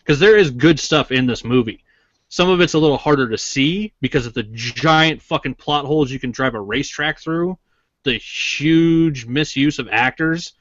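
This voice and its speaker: A man's voice: medium pitch, normal speed, a bit bright, no echo, lo-fi sound. Opinionated man arguing on a podcast. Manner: opinionated, argumentative, swears casually. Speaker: podcast co-host. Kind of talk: casual podcast chat.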